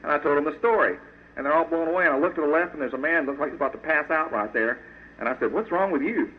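Racing along in a fairly high voice, a male Christian sculptor gives his personal testimony to a church crowd in an earnest, folksy manner. The lo-fi recording has a tinny, phone-like radio quality and slight background noise.

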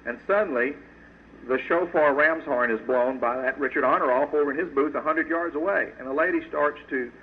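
A man's voice: fairly high pitch, fairly quick, a little hiss or hum. Brief: male sculptor, earnest folksy testimony to a church crowd, lo-fi phone-like radio sound. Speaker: Christian sculptor giving a testimony. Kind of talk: personal testimony to an audience. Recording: tinny phone-like radio audio.

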